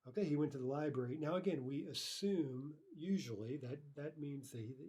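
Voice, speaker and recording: A man's voice: on the high side, brisk, warm tone, husky. A man teaching an online language lesson, explaining patiently with many fillers and reading example sentences aloud.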